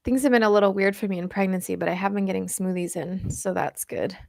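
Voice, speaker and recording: A woman's voice: medium pitch, fast talker, creaky, a little mellow, dry recording. American woman, live-stream host and diet coach, chatty and giggly, dry sound. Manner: chatty, reads out viewer comments, laughs often. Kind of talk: casual live-stream Q&A chat.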